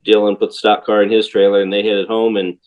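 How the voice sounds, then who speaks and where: A man's voice: fairly low pitch, flat delivery, quick pace, dull audio. A man, a race-driver guest on a podcast, telling easygoing anecdotes in casual chat. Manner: easygoing anecdote teller, many short agreements.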